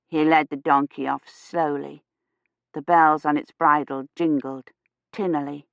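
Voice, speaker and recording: A woman reading a science fiction novel aloud in a measured, steady narration. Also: sits low, creaky, no room sound, muffled recording. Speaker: audiobook narrator. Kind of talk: scripted narration.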